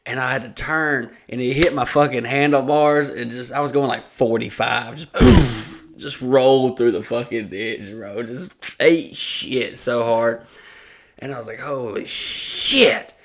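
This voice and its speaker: A young man talks loosely on a podcast, swearing freely as he winds through a long story. His voice sits at an everyday middle pitch. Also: fairly even intonation, a little slow. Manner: profane, rambling anecdote with lots of fillers. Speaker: podcast host. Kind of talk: casual storytelling chat.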